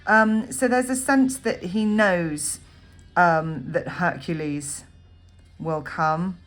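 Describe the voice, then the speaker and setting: Lower-voiced woman teaching a poem. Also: slow pace. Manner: thinks aloud, frequent ums, annotates while talking. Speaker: literature teacher. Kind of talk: recorded poetry lesson. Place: at a desk writing notes.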